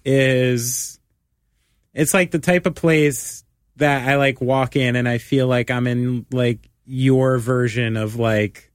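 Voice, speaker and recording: A man's voice: medium pitch, steady tone, takes it slowly, clear, resonant tone, dry recording, studio quality. A man hosting a casual chat, rambling and filling his talk with "like.". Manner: rambling, lots of "like".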